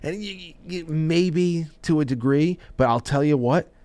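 A man's voice: fairly high pitch, measured pace, dark tone, no echo. A man hosting a podcast, talking in a loose, rambling way with many restarts. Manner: rambling, with frequent restarts and trailing off. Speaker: podcast host. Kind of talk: casual chat.

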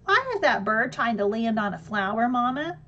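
A curious young boy pipes up with questions in a high voice, as a woman reader puts him on. The sound is somewhat dull. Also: sing-song, normal speed, pushed and bright.

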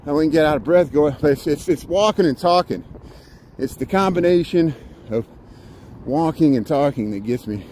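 A man's voice: a little high, moderate pace, dark tone. A man live-streaming a city walk, chatting casually to viewers and greeting them by name, a little out of breath from walking and talking. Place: outdoors on city streets and park paths. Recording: wind noise on the mic outdoors. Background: traffic and wind.

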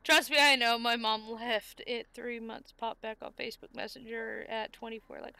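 A woman's voice: a little high, level tone, normal speed, creaky, few pauses, sharp tone, clean tone. A woman streaming a life-sim game, chatting casually and coaxing the characters on screen. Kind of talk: casual gameplay commentary.

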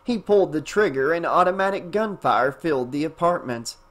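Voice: mid-range voice, animated, moderate pace, fairly bright tone. An audiobook narrator reading a fan novel aloud, who then chats enthusiastically as the channel's host. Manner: enthusiastic, chatty, with fillers in the wrap-up.

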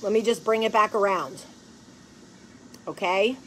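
A woman in her forties talks casually to the camera as a show host. She is blunt and profane, jokes and laughs a lot, and moves between quiet sincere moments and loud animated outbursts. She speaks at an unhurried pace, with faint noise in the background. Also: mid-range voice, poor audio. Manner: swings from hushed earnest talk to loud animated bursts.

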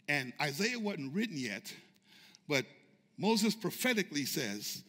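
High, bright-voiced preacher in a reverberant hall. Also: male voice, big pitch swings, a little slow, husky. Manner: preaching with sudden loud shouts and call-and-response. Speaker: pastor. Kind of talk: sermon. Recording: long reverb of a large hall.

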